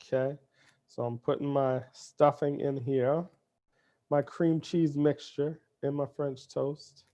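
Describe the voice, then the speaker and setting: A man's voice: medium pitch, level tone, slow pace, warm tone. A man, a dad, hosting a live cooking lesson for kids, chatty and upbeat, talking straight to the children and their parents. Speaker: cooking show host.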